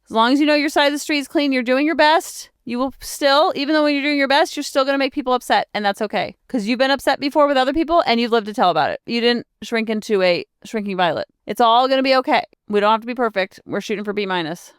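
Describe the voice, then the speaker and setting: A woman's voice: sits high, fast talker, hardly any pauses, smooth, no room sound, studio quality. A woman parenting coach hosting her own podcast, talking in a chatty, encouraging self-help manner. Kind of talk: casual solo podcast talk.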